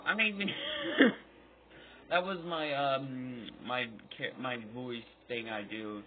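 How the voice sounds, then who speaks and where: A man's voice: mid-range voice, takes it slowly. A young man hosting a channel, rambling through silly, off-the-cuff comedic chat and giggling. The recording sounds tinny and phone-like.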